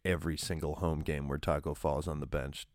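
A man co-hosting a podcast, chatting casually about basketball in a rambling, animated way, full of fillers and restarts. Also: a bass voice, fairly quick, dry recording, studio quality. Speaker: podcast co-host. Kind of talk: casual sports chat.

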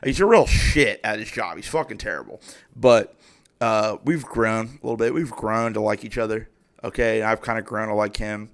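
A man's voice: on the low side, moderate pace. A man in his thirties hosting a podcast, ranting heatedly and swearing constantly, with frequent restarts. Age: 30s. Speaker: podcast host. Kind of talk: profane casual rant.

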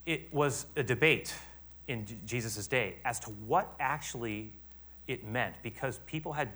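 A middle-aged man preaching a sermon, moving between quiet explanation and loud, emphatic build-ups. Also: mid-range voice.

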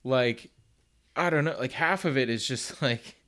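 A man's voice: medium pitch, measured pace, a bit bright. A man hosting his own podcast alone, chatting casually in a rambling, self-deprecating way with lots of "you know"s and the odd swear word. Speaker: podcast host. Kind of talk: casual solo podcast chat.

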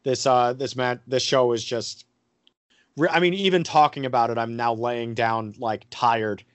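A man's voice: medium pitch, fairly even intonation, a little slow, no room sound. A man hosting a casual podcast, rambling with lots of fillers and crude jokes. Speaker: podcast host.

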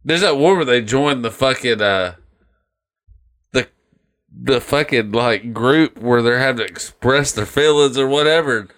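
A man's voice: a little slow, a bit bright. A middle-aged man co-hosting a podcast, chatting casually with lots of swearing and rambling retellings. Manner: profane, rambling, acts out cartoon quotes in silly high voices. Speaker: podcast co-host. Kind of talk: casual chat.

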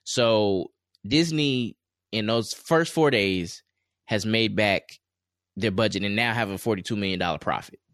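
A man's voice: lowish voice, measured pace, a bit bright, no echo, clean studio sound. A man co-hosting a casual chat show, talking in a loose, rambling way with many fillers and restarts. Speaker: podcast co-host.

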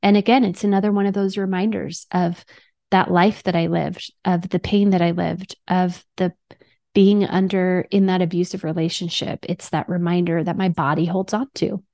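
Soft-spoken woman telling a personal story. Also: on the low side, flat delivery, gravelly, no echo. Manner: halting, soft-spoken, many fillers. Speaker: podcast host.

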